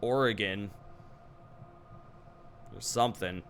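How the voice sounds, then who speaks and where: A man's voice: fairly low pitch, takes it slowly, a bit bright, slight background noise. A male streamer playing a game live, reading the dialogue aloud and adding wry, joking asides.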